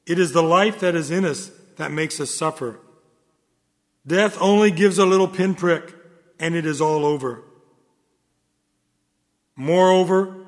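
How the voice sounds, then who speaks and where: A man delivering a solemn sermon in a measured, earnest manner. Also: high-pitched, fairly bright tone. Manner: solemn, measured, rises in fervor. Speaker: preacher. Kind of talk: sermon reading. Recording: long hall reverb.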